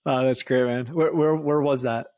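A man's voice: mid-range voice, steady tone, moderate pace, darkish tone, dry recording. A man hosting an interview podcast, easygoing and encouraging as he prompts his guest. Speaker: podcast host. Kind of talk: casual interview.

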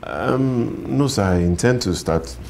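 A man's voice: on the low side, expressive, a little slow, darkish tone, a little hiss or hum. An actor with a Nigerian accent playing a respectful young man looking for work, who answers every question with sir. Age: young adult. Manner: deferential, says sir. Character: young male job seeker, polite and eager. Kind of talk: film drama acting.

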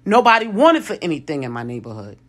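Animated New woman telling a story. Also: low-pitched, quick pace. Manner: animated, restarts and self-corrections, lively quoted voices. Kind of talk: casual storytelling to camera.

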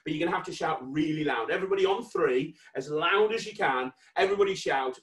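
A British man performing as a children's magician on a virtual party call, hyping kids to shout along and bantering playfully with his puppet. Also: fairly high pitch, quick pace, hardly any pauses. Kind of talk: virtual kids' magic show. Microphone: video call. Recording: roomy echo.

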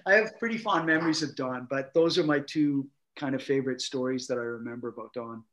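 Lively middle-aged man telling stories. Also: medium pitch, fairly quick. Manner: animated, acts out quotes, laughs often. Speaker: guest actor. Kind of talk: anecdotal storytelling.

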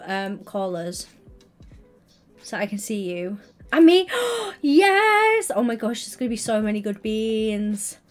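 A young woman streaming live, chatting in a gushing, excitable way with sudden high squeals. Soft background music runs faintly behind her casual talk. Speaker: livestreamer.

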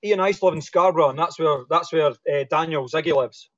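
A man chatting quickly and joking as a guest. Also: fairly high pitch, a bit bright, dry recording. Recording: dull lo-fi sound.

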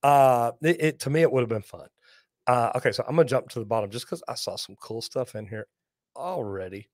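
A man hosts a live plumbing question-and-answer show, spinning lively folksy stories and cracking jokes between viewer comments. His voice sits in a mid range and is recorded close and dry, with no room sound around it. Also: medium pitch, fairly quick, no echo. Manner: lively storyteller, folksy and joking.

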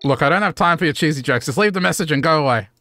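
A man's voice: on the high side, lively intonation, very fast, bright, forceful tone, no room sound, clean studio sound, soft background music, pitched above the performer's own voice. A man voicing a grumpy, impatient woman neighbor in a video game, curt and irritable.

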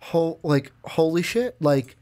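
Male co-host, casual film talk, slightly higher voice, rambly. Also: expressive, takes it slowly, dark tone. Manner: rambling, full of "like", acts out quoted lines. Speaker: movie review podcast co-host. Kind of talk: casual chat.

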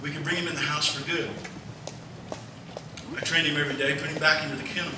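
A male pastor preaching a sermon, telling a family story in a folksy, animated way. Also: on the high side, fast talker, noisy background. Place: church sanctuary. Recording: echoey church hall from far off.

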